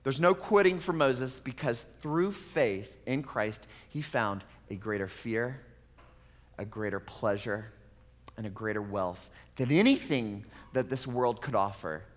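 A man's voice: medium pitch, measured pace, in a large hall. A male pastor preaching a sermon in a conversational way, with casual asides.

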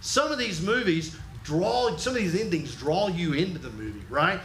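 A man preaches with a high, bright voice and lively energy. He keeps drawing the congregation in and has them repeat lines back to him. The sound is roomy and echoing, with a faint hiss underneath. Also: moderate pace. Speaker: pastor. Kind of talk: sermon. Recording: echoey room with faint ambient noise.

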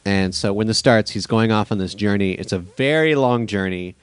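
A man co-hosting a casual movie podcast, talking in animated, quick asides and laughing often. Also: fairly low pitch, smooth, dry recording. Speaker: podcast co-host. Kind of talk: casual chat.

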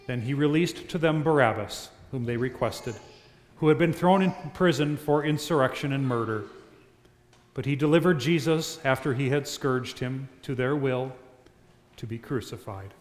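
A man reading scripture aloud at an evening church service in a measured, solemn way. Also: mid-range voice, reverberant, in a large hall. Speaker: scripture reader.

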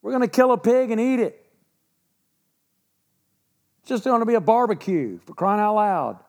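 A man doing a wheedling royal envoy, high and coaxing. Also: lively intonation, normal speed, a little mellow. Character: smooth-talking male royal envoy offering bribes.

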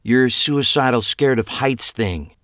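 A male audiobook narrator voicing a wry, deadpan woman police detective. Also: mid-range voice, slow pace, no room sound, clean studio sound, pitched above the performer's own voice. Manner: deadpan, matter-of-fact.

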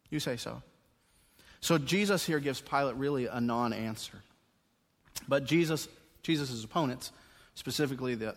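A male pastor preaching an expository sermon, moving between quiet, conversational asides and raised, emphatic passages. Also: mid-range voice. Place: church sanctuary during a service. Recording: long reverb of a church sanctuary.

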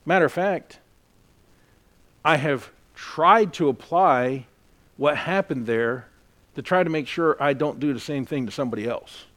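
A man's voice: on the high side, a little slow, fairly bright tone. A man preaching a sermon as a pastor, earnest and emphatic as he tells a personal story.

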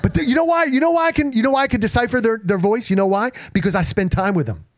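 A male pastor preaching a sermon to his congregation, energetic, repeating himself and calling out to the room. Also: very high-pitched, fast. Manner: energetic preaching with repetitions and call-outs to the congregation. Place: church in front of a congregation.

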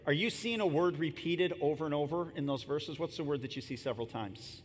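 A man's voice: moderate pace, hardly any pauses. A pastor in his fifties giving a sermon in a conversational, storytelling way, with casual asides to the congregation. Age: 50s. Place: church sanctuary. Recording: long reverb and faint rumble in a large hall.

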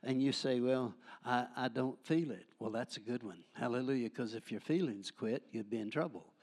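Fervent older preacher shouting hallelujahs. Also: male voice, medium pitch, normal speed. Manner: fervent, punctuates with hallelujahs, folksy humor. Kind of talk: charismatic sermon.

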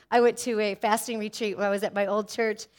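A woman's voice: mid-range voice, fairly even intonation, normal speed. A woman preaching a sermon with emphatic, rising exhortations.

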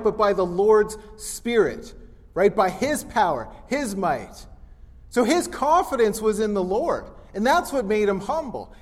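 A man's voice: sits high, darkish tone, big-room sound. A man giving a casual, conversational sermon and briefly acting out the Bible characters he quotes. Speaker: pastor.

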